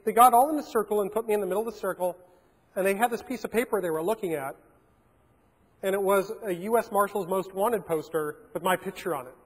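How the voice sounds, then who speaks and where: Man, keynote speaker, animated storytelling, higher voice, big hotel hall, long reverb. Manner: animated storyteller acting out dialogue. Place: large hotel conference hall.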